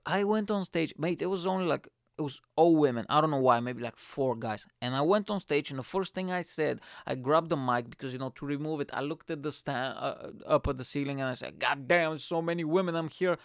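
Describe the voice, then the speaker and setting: A man's voice: on the high side, fairly quick, vocal fry, few pauses, no room sound. Young comedian guy on his podcast, impulsive and sweary, dead dry room. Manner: impulsive, profane, rambling, lots of fillers. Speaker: stand-up comedian and podcast host. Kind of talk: casual storytelling chat.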